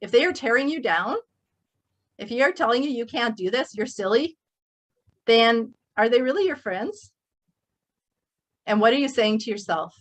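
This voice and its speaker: A woman's voice: on the high side, lively intonation, moderate pace, long pauses. Middle-aged woman hyping up her workshop crowd, preachy and emphatic, all in on it. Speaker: motivational workshop speaker. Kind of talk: motivational speech. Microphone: speaking to a live online group.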